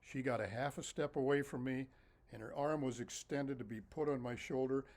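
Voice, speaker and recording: Guy telling a funny story from when he was a kid, animated, keeps laughing, talking to camera. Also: medium pitch, normal speed. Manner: lively, animated, laughs often. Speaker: storyteller and author. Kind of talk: casual anecdotal storytelling.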